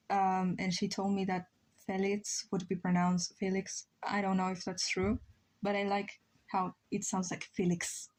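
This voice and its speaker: A woman with a Spanish accent chats casually with her stream while she draws. She rambles and thinks aloud at an unhurried, slow pace, with her voice in a middle pitch. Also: a little mellow. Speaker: live streamer.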